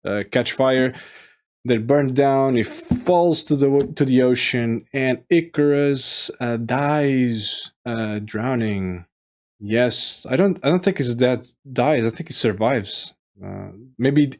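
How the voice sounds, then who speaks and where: A man giving a casual solo review, rambling and halting with many fillers and restarts. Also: mid-range voice. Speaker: video game reviewer.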